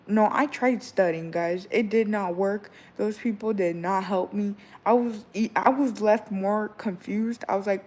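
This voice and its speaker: A woman's voice: mid-range voice, fairly even intonation, unhurried, darkish tone. A woman in her twenties chatting casually to her viewers, giving rambling advice and often checking in with "all right?". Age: 20s. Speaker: vlogger.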